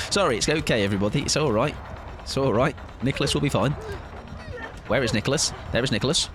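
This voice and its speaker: A man's voice: lively intonation, fast talker. A man chatting casually with his viewers while he plays a game on a livestream. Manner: chatty, greets chat, yelps in high bursts during play. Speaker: streamer. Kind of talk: casual gaming livestream chat.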